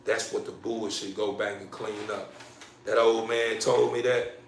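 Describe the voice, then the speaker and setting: A man telling a profane personal story, repeating phrases and building excitement as he goes. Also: on the low side, unhurried, slight background noise. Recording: roomy, from a distance.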